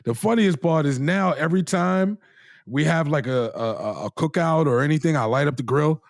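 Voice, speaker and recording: A man, co-hosting a podcast in excitable casual chat, calling out "yo" a lot. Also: fairly high pitch, moderate pace, gravelly, no echo, studio quality. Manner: excitable, repeats "yo".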